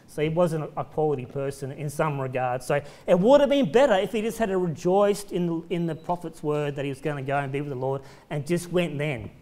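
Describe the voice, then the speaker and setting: Pastor from Australia, male, high voice, casual chatty preaching with acted-out voices. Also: a little fast, few pauses, a little mellow. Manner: casual and chatty, acts out voices of the people in the story. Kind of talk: conversational sermon with scripture reading. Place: church.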